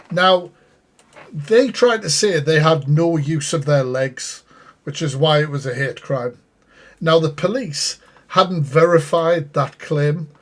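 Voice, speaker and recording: A man giving sweary, exasperated live reaction commentary and talking to his chat. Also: on the high side. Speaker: streamer reacting to a live stream.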